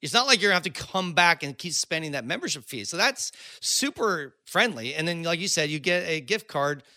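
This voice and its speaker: A man hosting a casual industry podcast chat, upbeat and chatty with quick asides. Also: on the high side, expressive, sharp tone, no echo, clean studio sound. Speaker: podcast host.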